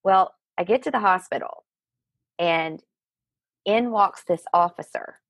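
A middle-aged woman, a guest in an interview, telling a personal story in an earnest, animated way. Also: mid-range voice, unhurried, creaky, no echo. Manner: earnest, animated retelling with acted quotes.

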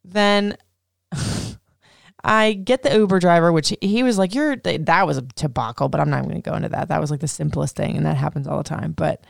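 A woman podcast host recounts a personal story in casual, rambling talk full of swearing and "like." She speaks fairly quickly in a low voice with vocal fry, in a dry, studio-quality recording.

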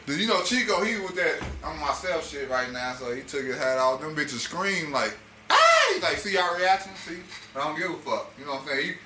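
A man's voice: on the high side, a little fast, few pauses, roomy sound, noisy background. A man on a casual podcast, telling stories with energy and acting out the people he quotes. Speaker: podcast co-host.

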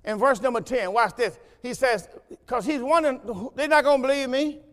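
A man pastor preaching a sermon, moving from conversational teaching to loud, rising exhortation in a church sanctuary. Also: extremely high pitch, fairly even intonation, a little fast, in a large hall.

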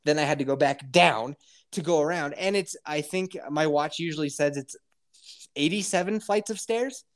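A man hosting a podcast, telling a story in a casual, animated way, full of swearing and acted-out quotes. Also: fairly high pitch, moderate pace. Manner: animated, profane, acts out quotes. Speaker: podcast host.

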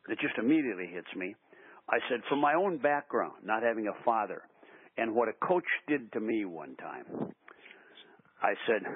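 An older man, a basketball coach, tells animated stories in a radio interview, acting out the quotes. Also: fairly low pitch, slightly rough, no echo. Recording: tinny phone-line sound.

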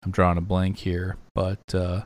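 A man co-hosting a podcast, talking through slides in a loose, rambling way with lots of fillers and pauses. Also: sits low, monotone. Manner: rambling, hesitant, many fillers. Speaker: podcast co-host. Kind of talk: casual podcast discussion.

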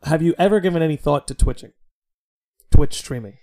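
Man, fairly high voice, podcast host, casual chat, excitable, swears freely. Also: a little fast. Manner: profane, excitable interviewer.

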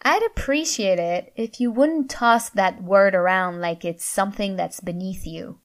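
A woman's voice: medium pitch, a little slow, close to an everyday voice. A woman voicing a stern woman college professor with a snappish manner.

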